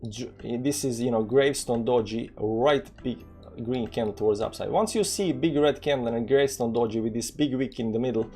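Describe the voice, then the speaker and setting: Gravelly man with a Balkan accent. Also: medium pitch, a little fast, dark tone, soft background music. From former Yugoslavia. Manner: rambling, many fillers, reads out numbers. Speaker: crypto trading streamer. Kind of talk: casual live trading commentary.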